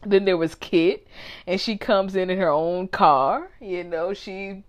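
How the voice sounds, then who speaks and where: A woman with a lowish, slow voice co-hosts a casual talk show as a podcast co-host. She recaps a reality TV episode in a chatty storytelling style, laughing often as she goes.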